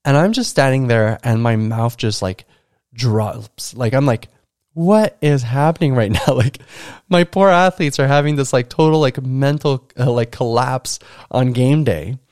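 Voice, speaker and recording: A podcast host who is also a school coach recounts a story from his coaching days, casual and conversational with plenty of fillers. His mid-range voice is a little mellow and measured, in a dry, studio-quality recording.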